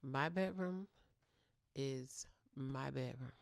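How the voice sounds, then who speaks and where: A woman with a gravelly, creaky voice chats casually and playfully, teasing her listeners like a fond auntie. She talks right at the mic in a dry, close room, with no echo. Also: sits low, measured pace, darkish tone. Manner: playful, teasing, clowning, with direct address. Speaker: podcast host. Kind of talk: casual advice talk to single mothers.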